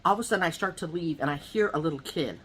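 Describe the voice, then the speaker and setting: With a deep voice and a quick pace, a mukbang vlogger eats at home and chats with her viewers, telling rambling, gossipy stories loaded with asides. A little hiss or hum runs in the background.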